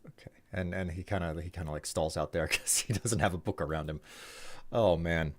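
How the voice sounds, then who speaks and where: Musing streamer man, low voice. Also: brisk. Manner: musing, thinks aloud with restarts. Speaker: live streamer. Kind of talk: casual stream commentary.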